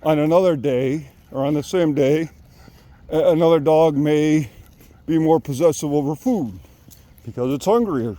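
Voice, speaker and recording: Winded man, rambling dog-trainer talk, mellow and a bit high-pitched. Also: normal speed. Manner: rambling, repeats and restarts words. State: out of breath. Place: outdoors walking a dog.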